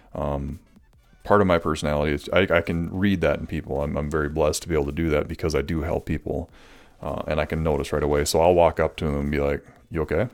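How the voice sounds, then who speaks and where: A man hosting a solo podcast, answering listener questions in an earnest, rambling way with many fillers and restarts. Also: a bass voice. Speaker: podcast host.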